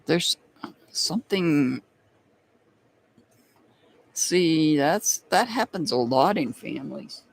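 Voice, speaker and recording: A tarot and rune reader on a live stream, talking straight to chat viewers and musing between pauses. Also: mid-range voice, expressive, creaky.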